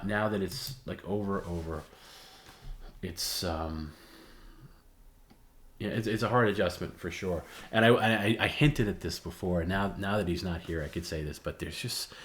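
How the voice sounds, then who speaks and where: A man co-hosting a show, chatting casually on a livestream in a halting, soft-spoken way with many restarts. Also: deep voice. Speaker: show co-host.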